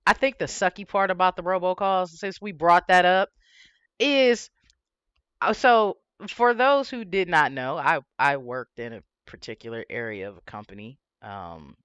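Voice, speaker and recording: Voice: medium pitch, normal speed, fairly bright tone, clean tone, no room sound, muffled recording. A livestream host with a lisp, chatting casually and rambling with swearing and frequent laughs.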